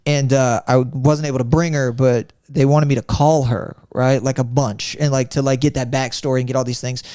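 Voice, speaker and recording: A man from Florida, a comedian guest on a podcast, telling stories in an animated, casual way and cursing freely. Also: mid-range voice, normal speed, no echo, studio quality. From Florida, USA. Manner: animated storyteller, swears freely, acts out others' voices.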